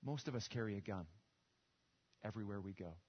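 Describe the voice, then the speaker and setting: A man's voice: fairly low pitch, brisk, breathy edge. A man preaching a sermon and telling a story, with small restarts and repetitions. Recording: dull lo-fi recording.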